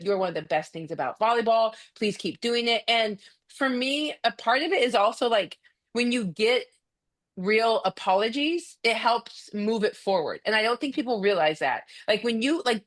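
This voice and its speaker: A woman, a mediator and former coach, talking in a direct, animated way as a podcast guest. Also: mid-range voice, brisk. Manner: direct, animated storytelling with acted quotes. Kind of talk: casual conversation.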